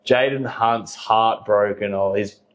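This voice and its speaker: A young Australian man speaks as a podcast guest in a loose, rambling way. He leans on fillers and breaks into laughs often, his voice sitting a little low. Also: fairly even intonation, slow. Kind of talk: casual conversation.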